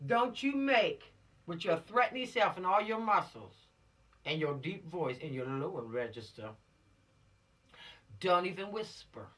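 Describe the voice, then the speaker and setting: Woman instructor, bright voice, preachy and emphatic lecturing, recorded from across the room. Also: medium pitch, far from the mic. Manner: preachy, emphatic, repeats warnings, drops into slang. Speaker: law course instructor. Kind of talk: lecture to teens.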